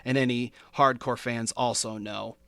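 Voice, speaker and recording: Male podcast host, casual chat, clear resonant voice, dry close sound. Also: medium pitch, steady tone, measured pace, fairly bright tone, dry recording. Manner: chatty, works through notes with fillers and laughs.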